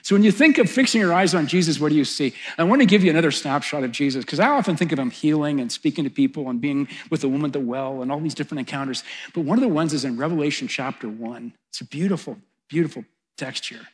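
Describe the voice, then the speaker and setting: A man's voice: a little high, fast talker. Fervent middle-aged preacher man. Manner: builds to loud, fervent peaks, then drops soft. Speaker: pastor. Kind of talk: sermon.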